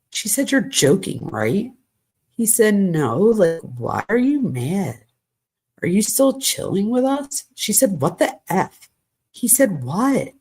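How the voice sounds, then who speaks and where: Animated woman with a gravelly, husky voice. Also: lowish voice. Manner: animated, exasperated asides. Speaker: true crime commentator. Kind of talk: reading messages aloud with commentary.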